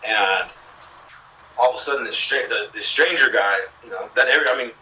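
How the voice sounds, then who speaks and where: A man's voice: medium pitch, a little fast, sharp tone, distant mic, a little hiss or hum, rough recording. A man telling a long, rambling story in casual chat, with plenty of swearing and filler. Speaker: podcast guest.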